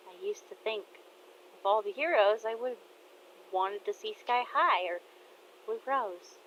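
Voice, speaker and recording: A woman's voice: mid-range voice, fairly bright tone, highs cut off, slight background noise. A woman voicing an earnest, emotional young daughter who speaks with heartfelt pleading.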